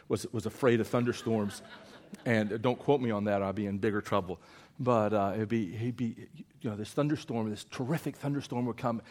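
A middle-aged man preaching a sermon, telling stories with big swings from loud to hushed. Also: on the low side.

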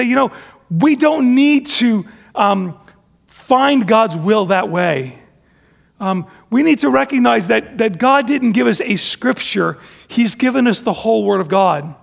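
A middle-aged male pastor preaching in a loose, conversational way, restarting his phrases and acting out little exchanges. His voice sits high for a man and has a gravelly edge. The sound carries a long reverb from a big hall. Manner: conversational, many restarts, acts out family dialogue. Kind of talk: sermon.

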